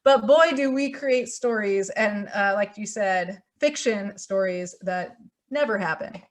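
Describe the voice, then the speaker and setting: A young woman hosting a podcast, telling a story in a lively, animated way and acting out her own thoughts. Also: medium pitch, measured pace. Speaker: podcast host. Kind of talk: casual chat.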